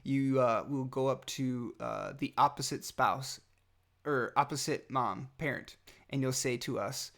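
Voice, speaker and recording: A man with a gravelly, mid-pitched voice talks straight to his toddler son in a heartfelt message. He speaks tenderly and haltingly, full of pauses and fillers, and sometimes sinks almost to a whisper. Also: fairly bright tone. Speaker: father.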